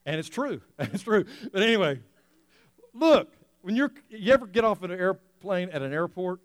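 A male pastor preaching a lively sermon, laughing often and acting out scenes for the congregation. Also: sits high, normal speed, no echo, studio quality. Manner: animated, laughing often, acting out an excited dog.

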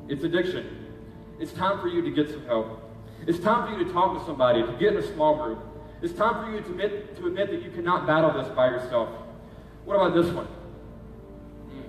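A man's voice: on the high side, slight background noise. A man preaching a sermon as pastor, urging and conversational in his manner. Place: church hall. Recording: echoey hall, heard from a distance.

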